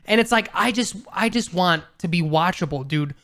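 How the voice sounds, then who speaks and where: A man's voice: high voice, lively intonation, normal speed, a bit bright. A man co-hosting a casual sports podcast, talking bluntly and emphatically and swearing casually. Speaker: podcast co-host.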